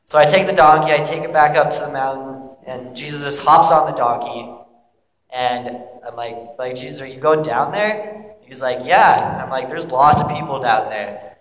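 A man's voice: medium pitch, normal speed, a bit bright, close to an everyday voice. A young man playing an earnest, bewildered male disciple, telling his story in a rambling, casual way full of "like". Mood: earnest, confused. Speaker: actor playing a biblical disciple. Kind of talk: monologue, casual modern retelling. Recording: echoey hall with long reverb.

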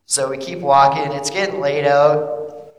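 A man's voice: a little high, steady tone, a little slow, lightly acted. A young man playing an earnest, bewildered male disciple, telling his story in a rambling, casual way full of "like". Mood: earnest, confused. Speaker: actor playing a biblical disciple. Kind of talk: monologue, casual modern retelling. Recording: echoey hall with long reverb.

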